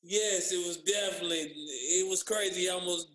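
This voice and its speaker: A man telling lively stories from his playing days in casual chat, acting out what others said. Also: high-pitched, moderate pace, roomy sound, rough recording. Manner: animated storyteller, acts out others' lines. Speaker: former pro basketball player guest. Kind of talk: casual storytelling on a podcast.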